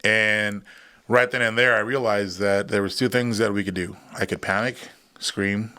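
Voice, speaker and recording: A man in his thirties with a somewhat low voice, talking as a podcast guest. He tells his story in a loose, casual way, jumping into the voices of the people in it and laughing as he goes. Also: normal speed, smooth. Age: 30s. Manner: animated, acts out voices in his stories, laughs often. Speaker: guest, combat veteran.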